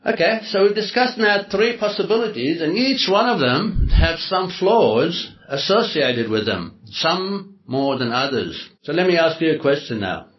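A man's voice: fairly high pitch, very animated. Echoey man preaching a teaching sermon. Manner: explanatory, deliberate, repeats words. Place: hall with a congregation. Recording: echoey hall, dull lo-fi sound.

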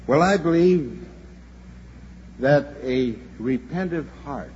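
A man's voice: a little high, lively intonation, takes it slowly, darkish tone. An older man preaching a sermon to a convention. He tells a story earnestly and sometimes repeats himself as he goes. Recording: dull lo-fi recording with faint hum.

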